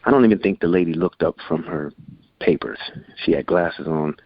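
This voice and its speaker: Man, 40s, interview guest; deep voice, animated raconteur, dull lo-fi recording. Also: moderate pace, no room sound. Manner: animated, acts out quotes in voices. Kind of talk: casual storytelling. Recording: dull lo-fi sound.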